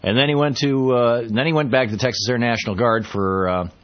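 A man's voice: medium pitch, steady tone, a little fast, muffled recording. A man hosting a radio talk show, chatting casually and wryly with lots of fillers and asides. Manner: chatty, wry, rambling with many fillers.

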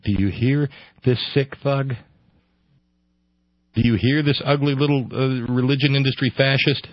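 A man's voice: medium pitch, fairly even intonation, normal speed, no echo, lo-fi sound. A man hosting a radio talk show, giving sarcastic, incredulous commentary into a close mic.

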